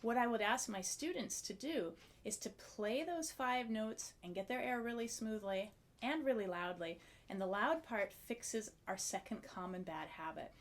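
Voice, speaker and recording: A woman's voice: a little high, moderate pace. A woman teaching a clarinet video lesson, explaining a breathing technique in a friendly, step-by-step way and demonstrating as she goes.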